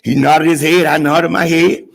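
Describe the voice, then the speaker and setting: Guy giving a graduation speech, husky gravelly voice, big storytelling energy, gets the crowd going. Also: fairly high pitch, flat delivery, normal speed. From Georgia, USA. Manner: call-and-response with the audience, dramatic swings from hushed to shouting. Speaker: graduation guest speaker.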